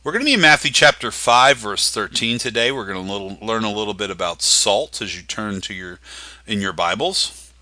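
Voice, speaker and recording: A man preaching a sermon as pastor, teaching with emphatic, slowly stressed phrases. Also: on the low side, animated, sharp tone, no room sound.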